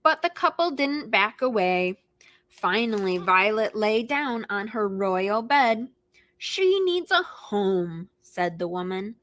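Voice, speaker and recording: A woman librarian reading picture books aloud to preschoolers in an animated, expressive way, gasping and making animal noises. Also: medium pitch, unhurried, no echo. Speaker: children's librarian hosting storytime.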